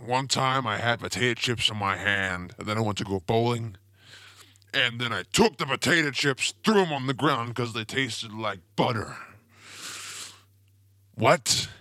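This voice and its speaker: A man's voice: medium pitch, animated, moderate pace, pushed and bright, no room sound, studio quality. A young man hosting a podcast, telling rambling goofy stories in a casual comedic monologue. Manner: rambling, goofy, self-promoting storyteller. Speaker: podcast host.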